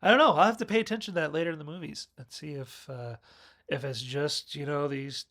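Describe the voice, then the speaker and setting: Gravelly man rambling through a film review. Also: fairly high pitch, a little fast, a bit bright. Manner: rambling, self-correcting, with chuckles. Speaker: movie reviewer.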